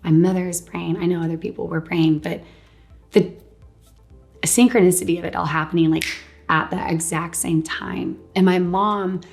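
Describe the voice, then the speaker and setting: A woman casually telling a personal story as an interview guest, animated and quick to laugh, often saying "like" and "um". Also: lowish voice, faint music behind. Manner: animated, laughs often, acts out what others said; fills speech with "like" and "um". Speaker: guest sharing a healing testimony.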